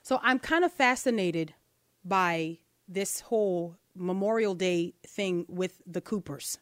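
A woman's voice: on the low side, slow, no echo, clean studio sound. A woman hosting a talk show, giving emphatic opinion commentary and tossing in rhetorical "right?" questions.

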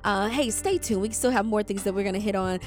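A woman hosting a faith talk show, telling a personal story in an animated way. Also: mid-range voice, quick pace, soft background music. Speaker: host.

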